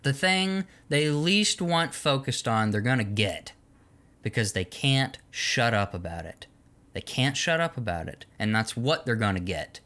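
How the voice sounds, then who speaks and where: Man, angry political rant, sarcastic, mocking, lively pitch, sharp bright voice. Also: unhurried. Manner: heated and sarcastic, mocking imagined critics. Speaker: political commentator.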